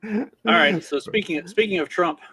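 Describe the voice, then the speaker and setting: A man hosting a casual podcast and running clips, with wry deadpan asides. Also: high-pitched, moderate pace, breathy edge, no room sound, poor audio. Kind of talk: casual chat.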